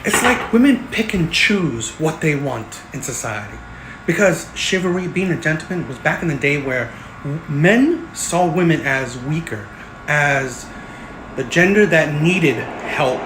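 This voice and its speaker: A man's voice: on the high side, lively intonation, measured pace, background noise. Man lecturing in a roomy room. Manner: emphatic, lecturing, repeats "okay?" and "right?". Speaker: commentary channel host. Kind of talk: opinionated reaction commentary.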